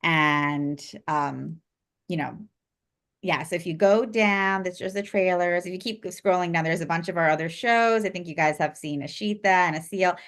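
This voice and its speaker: A woman's voice: fairly low pitch, moderate pace, a bit bright. A woman co-hosting a live-stream chat, rambling with lots of fillers and speaking in an effusive, heartfelt way. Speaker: co-host presenting spiritual interview series.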